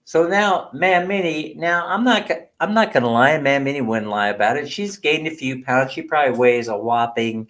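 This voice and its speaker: A man's voice: medium pitch, normal speed, few pauses, fairly bright tone. Rambling, teasing American man host. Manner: rambling, teasing storyteller who laughs often. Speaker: livestream host. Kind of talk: casual livestream chat.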